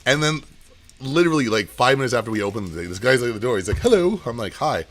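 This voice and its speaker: A man's voice: mid-range voice, fairly bright tone. A man who owns a comic shop, running a live auction and telling rambling shop stories in casual chat. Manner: rambling storyteller, quick asides.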